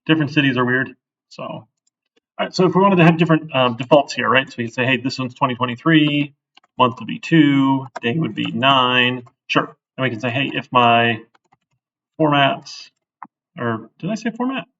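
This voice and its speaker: A man's voice: medium pitch, expressive, fairly quick, fairly bright tone. A man teaching a programming class, talking casually as he codes and often checking in with "right?". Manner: conversational, thinks aloud, often asks "right?". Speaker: programming instructor. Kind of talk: casual live-coding lecture. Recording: distant, dull classroom recording.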